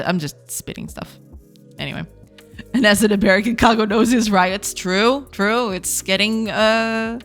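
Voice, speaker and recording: Giggly woman game dev chatting with her stream, stumbles over words, kinda medium voice, soft music playing. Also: mid-range voice. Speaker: game developer streaming live. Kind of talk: casual livestream chat, reacting to chat.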